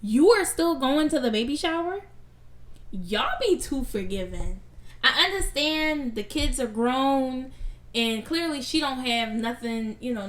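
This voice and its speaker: Blunt woman reacting, slightly high voice. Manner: blunt, outspoken, slangy asides. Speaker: reaction video host. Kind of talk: casual reaction commentary.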